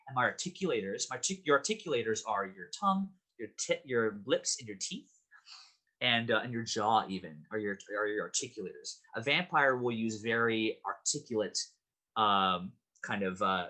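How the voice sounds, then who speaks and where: A man's voice: mid-range voice, expressive, moderate pace, sharp tone. A man teaching an online acting class, explaining and demonstrating voices in a friendly way. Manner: friendly, demonstrative, with vocal sounds and asides.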